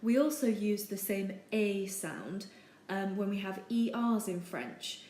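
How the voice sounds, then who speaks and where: A woman teaching over slides, with a steady, patient delivery and frequent ums. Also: mid-range voice, slow. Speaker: French teacher. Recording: echoey room with faint noise.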